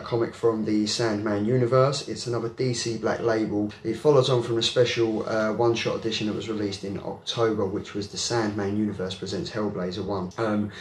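Man, guest comic reviewer, low flat voice, roomy echo, faint hiss. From London. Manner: measured, explanatory, with "uh" pauses. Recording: echoey room with faint noise.

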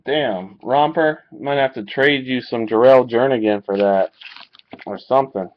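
A man opening trading card packs live and calling out each pull, reacting with excitement. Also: mid-range voice, a little slow. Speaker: card breaker. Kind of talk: live card break commentary. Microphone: webcam mic. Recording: dull lo-fi webcam audio.

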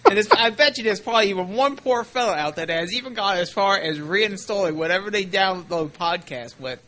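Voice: medium pitch, animated, fairly quick, few pauses, a bit bright, a little hiss or hum. A podcast co-host joking wryly in casual conversation. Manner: joking, wry. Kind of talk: casual chat.

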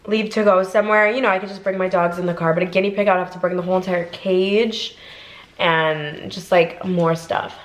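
A woman's voice: lowish voice, steady tone, brisk, reverberant, rough recording. A young woman from Ohio chatting casually through a mukbang vlog, rambling with lots of fillers. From Ohio, USA. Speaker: vlogger. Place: inside a car.

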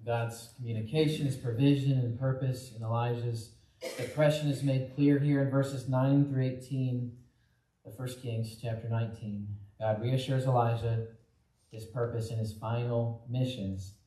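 A man's voice: mid-range voice, steady tone, moderate pace, mellow. A man from Texas preaching a conversational sermon as pastor, often acting out the voices of Bible figures. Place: church sanctuary. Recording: echoey church hall from off mic.

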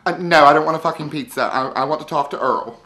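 A performer playing Mary, a distraught, whiny trailer-park wife who leaps into high wails and complains crudely in a comic home-tour monologue. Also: fast talker, bright, forceful tone, close to an everyday voice. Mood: whiny, aggrieved. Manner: melodramatic, wailing pitch leaps, self-pitying, crude. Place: indoors at home, house tour. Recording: echoey room.

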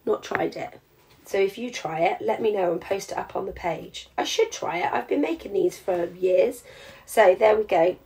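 A woman's voice: medium pitch, moderate pace, gravelly, warm tone, slight background noise. A woman, teaching a jewellery craft in a chatty live demonstration and explaining each step as she works. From England.

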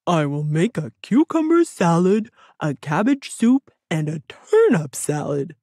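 A woman voicing a cheerful, friendly male bear in a children's audiobook, warm and enthusiastic. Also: lowish voice, big pitch swings, unhurried, no room sound, studio quality.

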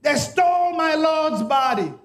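A man's voice: very high voice, lively intonation, unhurried, fairly bright tone, pitched above the performer's own voice, full character voice. A man preaching a sermon, voicing a grieving woman who indignantly questions and protests. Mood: indignant grief.

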